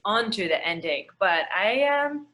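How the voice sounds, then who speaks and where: A woman's voice: mid-range voice, animated, a little slow, bright, forceful tone. A female actress being interviewed, hesitant and searching for her words. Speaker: actress guest. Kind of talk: casual interview.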